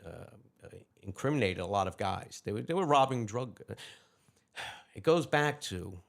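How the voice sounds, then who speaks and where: A man, a retired police lieutenant telling animated anecdotes as an interview guest, acting out the other people's lines as he goes. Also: lowish voice, vocal fry. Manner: animated anecdotes with quick quoted dialogue. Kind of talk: casual storytelling interview.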